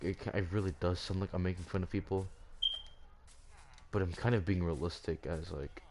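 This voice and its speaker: A man's voice: deep voice, mellow, slight background noise. A man ranting over gameplay as the channel's host, rambling and circling back over the same point with lots of "like" fillers. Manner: rambling, repeats himself, leans heavily on "like".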